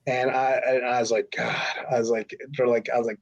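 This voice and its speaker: A middle-aged man at a middle pitch tells a long anecdote in a loose, rambling way, slipping into voices for the people he quotes. The recording sounds a little dull and lo-fi. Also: little pitch movement, brisk. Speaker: podcast guest, former wrestler. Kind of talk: casual storytelling. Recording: slightly dull lo-fi audio.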